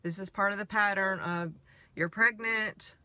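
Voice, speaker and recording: Bright-voiced woman sharing a personal story. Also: mid-range voice, fairly even intonation, no echo. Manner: candid, halting, emotional storytelling. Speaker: healing coach. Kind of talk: personal reflective monologue.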